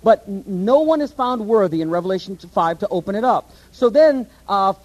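A man preaching a sermon and teaching from the Bible, animated and asking his listeners questions. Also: sits high, normal speed, highs cut off. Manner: animated, asks the audience questions.

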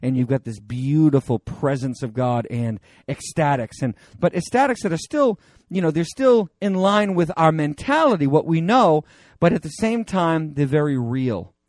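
Animated, higher-voiced male preacher. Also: normal speed, no echo. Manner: animated and digressive, with many fillers and restarts. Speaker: pastor. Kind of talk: conversational sermon.

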